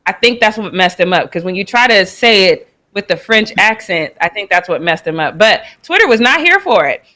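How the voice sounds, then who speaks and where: Very animated yet moderately paced, an American woman with a medium-pitched, bright, forceful voice hosts a live sports show. Her commentary on the news is casual, and clips make her laugh.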